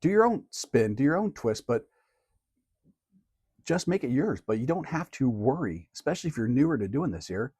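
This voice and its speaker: A man in a middle register talks through his classroom routine to camera like a teacher chatting with colleagues. His delivery is relaxed and conversational. The recording is dry, with no room echo. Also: mid-range voice, moderate pace, breathy edge. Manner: relaxed and conversational, plain everyday phrasing. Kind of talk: casual how-to talk to camera.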